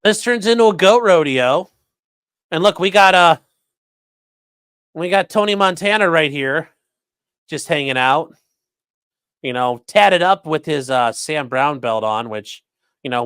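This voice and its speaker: A man streaming live commentary in a sarcastic, rambling way, swearing freely. His voice sits somewhat high for a man. The sound is dry and close, with no room around it. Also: animated, normal speed, pauses often, fairly bright tone, clean tone, no room sound. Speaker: streamer host.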